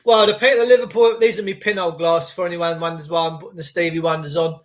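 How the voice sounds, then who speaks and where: A middle-aged man, podcasting in a blunt, animated rant and swearing freely. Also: a little high, quick pace. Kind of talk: ranting monologue.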